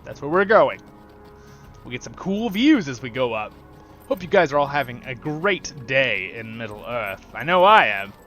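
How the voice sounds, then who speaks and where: A man's voice: mid-range voice, big pitch swings, moderate pace, bright, forceful tone, soft background music. Enthusiastic chatty gamer man. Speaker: gaming channel host. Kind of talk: casual gameplay commentary.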